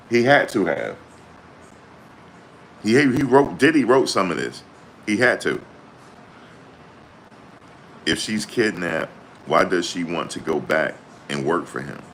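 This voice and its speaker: A man with an extremely deep, low voice talks through courtroom news in a loose, slangy way. He gets worked up, exclaims and hammers the same point again and again. A faint hiss of noise sits under his voice. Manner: excitable, slangy, exclaiming and repeating himself. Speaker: commentator. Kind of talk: trial reaction commentary.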